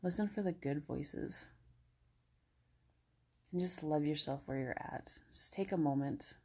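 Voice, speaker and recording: On her casual self-help podcast, a woman speaks gently and encouragingly in a low, slightly breathy, unhurried voice, using plenty of everyday fillers. At times she eases into soothing guided relaxation.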